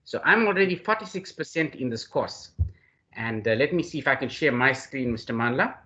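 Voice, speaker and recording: A man's voice: medium pitch, lively intonation, fairly quick, bright, forceful tone. A male lecturer hosting an online class, effusive and praising, who keeps addressing the other man by name. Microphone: video call. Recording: dull lo-fi video call audio.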